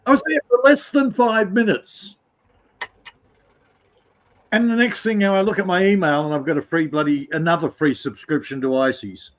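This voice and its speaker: A man's voice: sits high, moderate pace. A man chatting on a live stream as a regular guest, teasing and sarcastic, mocking others with impressions. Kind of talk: casual live-stream chat.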